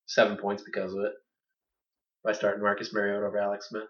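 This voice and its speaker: A man's voice: fairly low pitch, monotone, fast, far from the mic. A man co-hosting a podcast, chatting casually about fantasy football, playful and laughing often. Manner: playful, laughs often, puts on mocking voices. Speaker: podcast co-host. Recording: dull lo-fi sound, a bit off-mic.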